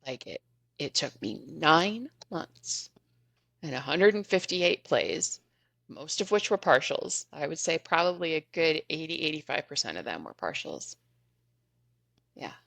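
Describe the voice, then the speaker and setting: A woman podcast guest telling a story in an animated, chatty way, often laughing as she goes. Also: low-pitched, unhurried, creaky, dry recording. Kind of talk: casual storytelling.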